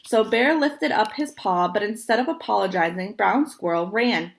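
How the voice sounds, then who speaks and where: A young woman reading a picture book aloud, gentle and expressive, pausing to point at the pictures. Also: medium pitch, gravelly, slight background noise. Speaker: storybook reader.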